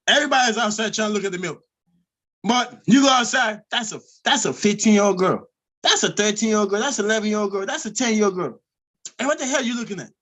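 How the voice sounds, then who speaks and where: Casting: high-pitched man, live host, loud rambling comic rants. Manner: loud, rambling, animated storytelling. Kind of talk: unscripted comedic rant.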